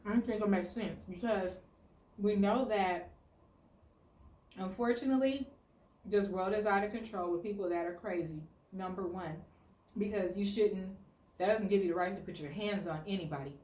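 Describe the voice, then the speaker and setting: A woman's voice: medium pitch, moderate pace, darkish tone. An American woman hosting a casual discussion, talking earnestly and with strong opinions, with many "like" fillers. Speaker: host. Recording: echoey room.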